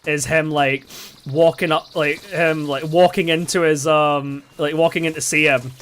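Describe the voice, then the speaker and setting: A man's voice: on the high side, steady tone, a little slow, fairly bright tone. A young man from the UK chatting casually and rambling, with lots of fillers and swearing, while streaming a game. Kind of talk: casual storytelling while gaming.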